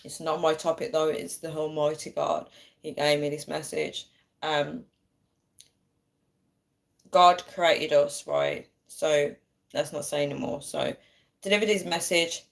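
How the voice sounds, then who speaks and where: A woman's voice: low-pitched, steady tone, measured pace, creaky, pauses often. A young woman chatting casually to viewers on a phone livestream, laughing often and thanking them.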